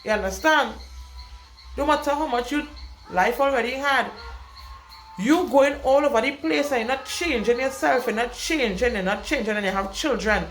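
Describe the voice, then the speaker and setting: A woman's voice: fairly high pitch, moderate pace, faint music behind. A young woman, vlogging an emphatic, blunt rant to camera, repeating her points for weight. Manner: emphatic, repetitive, speaks her mind bluntly. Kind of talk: casual storytime rant to camera. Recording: echoey room with faint background noise.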